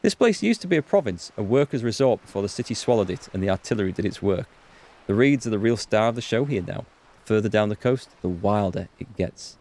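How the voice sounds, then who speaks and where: A man's voice: on the low side, lively intonation, fairly quick, darkish tone. Brief: a composed, thoughtful older woman informant, voiced by a man barely shifting his voice, game dialogue. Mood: calm.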